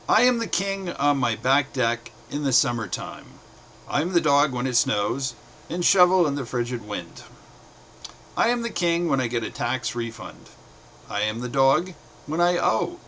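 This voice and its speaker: A middle-aged man from the United States reading his own short stories aloud, in a plain, steady way with brief pauses. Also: mid-range voice, slight background noise.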